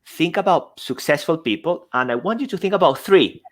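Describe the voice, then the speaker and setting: A man's voice: on the high side, expressive, fairly quick, a little hiss or hum. A man speaking English with a non-native accent, a podcast guest and coach who talks emphatically and asks rhetorical questions. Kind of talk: conversational coaching talk. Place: remote podcast setup with desk mic.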